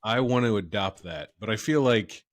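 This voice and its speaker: In a casual podcast chat, a male co-host in his thirties rambles and cracks jokes, letting sentences trail off before restarting. He speaks at a moderate pace in a lowish voice.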